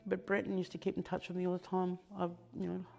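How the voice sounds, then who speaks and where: Gravelly older Australian woman, soft-spoken. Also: fairly low pitch, monotone, soft background music. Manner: quiet, halting, reflective. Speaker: interviewee. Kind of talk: documentary interview recollection.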